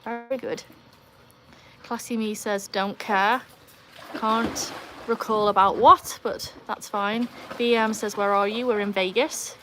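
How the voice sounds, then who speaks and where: Slowly and forcefully, a woman with a medium-pitched, bright voice and fairly even intonation hosts a live stream. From North Yorkshire, England, she has a Yorkshire accent and chats casually with dry, self-mocking asides. A little hiss or hum runs underneath.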